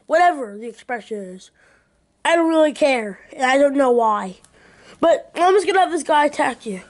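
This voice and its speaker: A woman's voice: sits high, expressive, moderate pace. A woman voicing a careless adult male plumber hero in a toy play, talking in a dismissive, offhand way.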